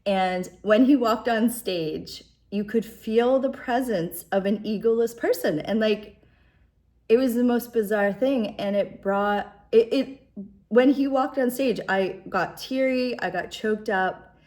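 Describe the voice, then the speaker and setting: A woman in her art studio, talking through an oracle card reading in a gentle, musing way, with soft laughs. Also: a little high, slow pace. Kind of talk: reflective spiritual talk.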